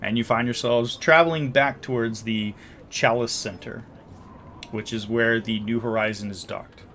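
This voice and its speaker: A man narrating a tabletop game as game master, with frequent pauses and fillers. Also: medium pitch, steady tone, a bit bright, a little hiss or hum. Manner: hesitant, filler-heavy narration.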